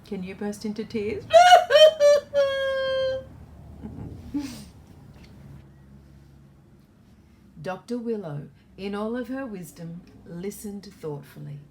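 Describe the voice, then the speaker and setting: A woman's voice: mid-range voice, animated, normal speed, few pauses, background noise. A woman author reading her children's storybook aloud in a playful way and asking the young listeners questions.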